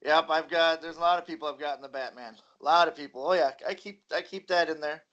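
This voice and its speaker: A man's voice: on the high side, fast, fairly bright tone, lo-fi sound. A man, a professional wrestler, telling stories as a guest on a casual podcast and laughing through them.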